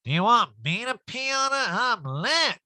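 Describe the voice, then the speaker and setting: A man doing a high, drawling impression of a tipsy, crude reality-TV woman. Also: big pitch swings, measured pace, pushed and bright, dry recording, full character voice. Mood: tipsy brash.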